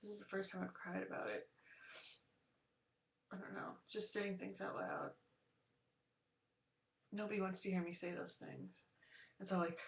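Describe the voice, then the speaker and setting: A woman vlogger confiding to the camera, halting and searching for her words. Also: mid-range voice, flat delivery, creaky. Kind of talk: confessional talk to camera. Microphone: camera mic. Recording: roomy, dull lo-fi sound.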